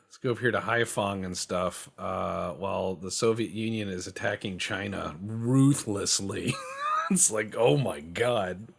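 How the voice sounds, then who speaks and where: A man with a deep, husky voice riffs casually over his gameplay. He rambles from thought to thought, tossing in profane jokes and goofy boasts in a loose, unscripted way. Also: a little slow. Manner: rambling, joking, profane banter. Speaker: game streamer.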